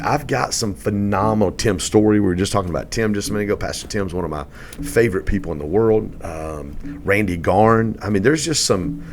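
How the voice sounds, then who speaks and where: A middle-aged man, a real estate coach, telling stories in a casual podcast interview, turning animated and loud when excited. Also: sits low, slight background noise.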